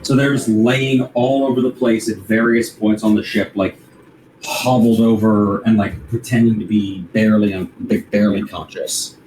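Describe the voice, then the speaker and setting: A man's voice: fairly low pitch, fairly even intonation, moderate pace, darkish tone, roomy sound, slight background noise, rough recording. A man playing in a tabletop game, chatting casually and plotting his moves. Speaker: player.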